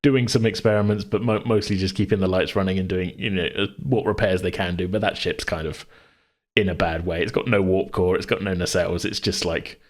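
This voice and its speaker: Laid-back low-voiced man rambling. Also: a little fast. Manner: relaxed, rambling, laughs often. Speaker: game master and podcast host. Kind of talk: casual chat.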